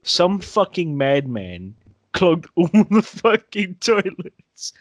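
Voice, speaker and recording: A young man co-hosting a podcast, telling a story in a profane, excitable way. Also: high-pitched, slow pace, no room sound. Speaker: podcast co-host. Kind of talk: casual storytelling chat.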